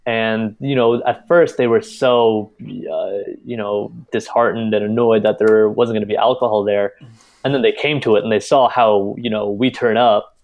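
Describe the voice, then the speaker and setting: A young man in his twenties with a fairly low voice chats easily on a podcast. He rambles through relaxed stories full of fillers. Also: moderate pace, highs cut off. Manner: relaxed, filler-heavy storytelling. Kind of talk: casual chat.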